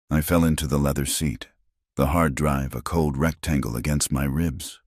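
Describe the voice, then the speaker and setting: A man narrating a first-person story as an audiobook reader, with steady, dramatic storytelling. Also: extremely low pitch, normal speed, no echo, studio quality.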